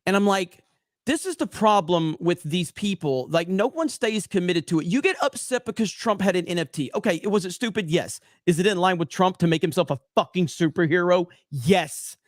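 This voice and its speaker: A man's voice: high-pitched, expressive. A male political streamer with a slightly raised voice argues heatedly and swears often. The sound is dry and close, with no room echo. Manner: heated, profane, rapid back-and-forth. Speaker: political commentary streamer host. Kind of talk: casual political commentary.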